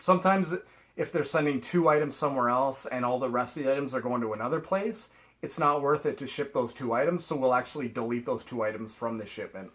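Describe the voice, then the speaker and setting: A man's voice: medium pitch, a bit bright, low-quality recording. A middle-aged man from Canada, rambling chattily through a haul vlog and laughing at himself. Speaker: reseller vlogger.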